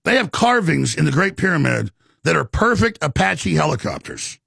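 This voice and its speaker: A man with a high, gravelly voice rants at full tilt, stumbling over repeated words as he pushes on. His husky tone sits close and dry, with no room around it. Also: very animated, bright, forceful tone, no echo. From Texas. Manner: ranting, rapid and repetitive. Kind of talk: impassioned monologue.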